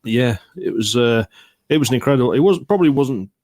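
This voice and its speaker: A man's voice: mid-range voice, lively intonation, a little mellow, dry recording. A man co-hosting a casual sports podcast, talking with many fillers and "to be fair" asides. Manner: quick, full of fillers, says "to be fair". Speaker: podcast co-host. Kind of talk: casual chat.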